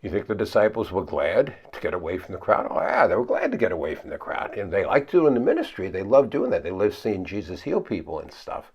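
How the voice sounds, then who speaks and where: A male pastor talks through his sermon in a low, gravelly voice that climbs and drops a great deal as he asks his listeners questions. He puts on high, pleading voices for the frightened disciples, and the recording sounds dull and lo-fi. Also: sing-song, a little fast, hardly any pauses, darkish tone. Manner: conversational, asks the listeners questions and answers them himself.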